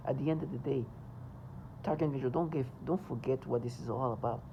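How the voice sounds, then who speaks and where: Gravelly, agitated man ranting. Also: medium pitch, quick pace, lo-fi sound, noisy background. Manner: agitated, insistent, rambling. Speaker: vlogger. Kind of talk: emphatic monologue to camera.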